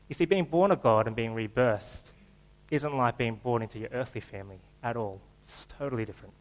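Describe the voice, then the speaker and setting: A man's voice: medium pitch, brisk, rough recording. A man preaches to his church in an easy, conversational way, slipping jokes between scripture readings. His voice sits mid-range for a man. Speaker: pastor. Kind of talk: sermon.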